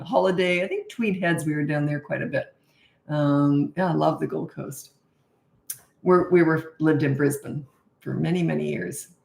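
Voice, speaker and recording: A woman's voice: low voice, creaky, a little mellow. An older woman, a parenting coach, giving blunt, direct advice in a live-stream Q&A. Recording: echoey room.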